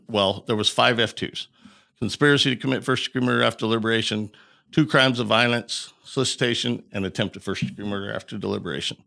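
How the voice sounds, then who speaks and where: Podcast guest, middle-aged man from Colorado, gravelly and bright, animated storyteller. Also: on the low side. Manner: animated storyteller acting out quoted dialogue. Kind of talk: storytelling in an interview.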